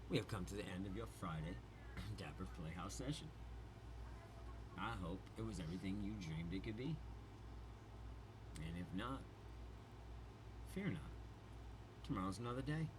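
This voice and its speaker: A man's voice: low voice, background noise. A man hosting a casual reaction show, chatting loosely, cursing and joking with his audience. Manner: profane, joking, laid-back. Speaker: show host. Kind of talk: casual chat, reacting to clips.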